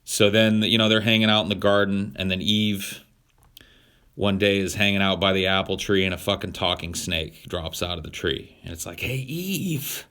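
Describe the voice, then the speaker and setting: A man with a low, bright, forceful voice, talking casually and irreverently. He rambles with lots of fillers and plenty of swearing. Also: little pitch movement, moderate pace, clear, resonant tone. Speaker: podcast co-host. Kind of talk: casual chat.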